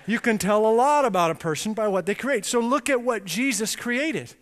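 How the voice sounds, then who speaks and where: A man preaching a sermon, emphatic and animated, with chatty asides. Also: sits high, moderate pace. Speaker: pastor. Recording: long reverb in a large hall.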